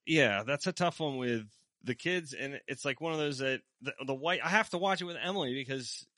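A man's voice: medium pitch, a little fast, pushed and bright, no room sound, studio quality. A man co-hosting a comedy podcast, chatting casually in an easygoing, agreeable and self-deprecating way. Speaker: podcast co-host.

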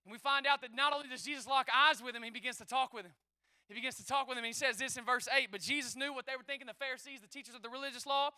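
A high-voiced man preaches with bursts of energy, calling out to his congregation and whooping between points. His tone is bright and forceful, captured dry with no room echo. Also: clean tone. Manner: energetic, exclaiming and calling on the crowd. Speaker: pastor. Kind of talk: lively sermon.

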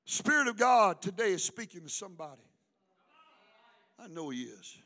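A middle-aged man preaching a sermon as pastor, swinging between loud calls and hushed asides. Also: high-pitched, big pitch swings, moderate pace.

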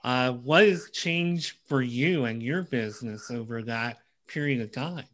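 Male interviewer, unhurried and deliberate, bright forward tone. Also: medium pitch. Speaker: interviewer host. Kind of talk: interview questions.

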